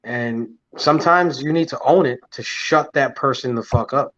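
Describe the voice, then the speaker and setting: A man's voice: medium pitch, moderate pace, a bit bright, dry recording. Blunt man on a dull, lo-fi mic. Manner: blunt, joking and profane. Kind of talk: casual chat. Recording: dull, lo-fi audio.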